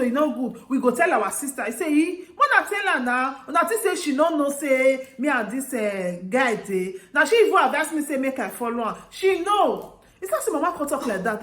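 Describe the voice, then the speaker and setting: A woman with a Nigerian Pidgin accent telling a story casually to her viewers, lively, acting out the people she quotes and often laughing. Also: high-pitched. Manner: animated, acts out quoted voices with laughter. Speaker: vlogger. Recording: roomy echo.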